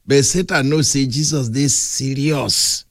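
A man with a Nigerian accent preaching a humorous, animated sermon that mixes storytelling with playful big words. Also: mid-range voice, measured pace, dry recording, studio quality.

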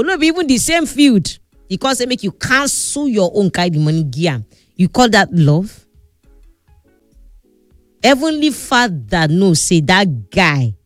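A woman's voice: mid-range voice, dry recording. Nigerian Pidgin woman, blunt advice vlogger, dry close voice, faint music under her. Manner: scolding, emphatic, repeats for stress. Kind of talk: casual advice talk.

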